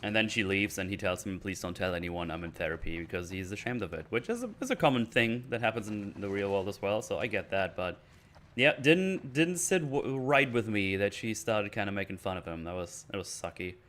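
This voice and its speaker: A man with a fairly low voice gives a loose, rambling recap of a TV episode. He talks in casual rant style and keeps breaking into the characters' lines as he goes. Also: lively intonation, fairly quick, a bit bright, slight background noise.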